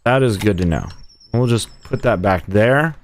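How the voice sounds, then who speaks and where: A man's voice: lowish voice, animated, moderate pace. A man streaming a video game live, rambling and joking as he talks to himself and his viewers. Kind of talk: casual live gameplay commentary.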